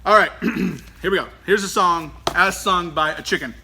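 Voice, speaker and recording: A man leading an online children's worship lesson in an animated, playful way that keeps breaking into laughter. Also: high voice, normal speed, gravelly, a little hiss or hum.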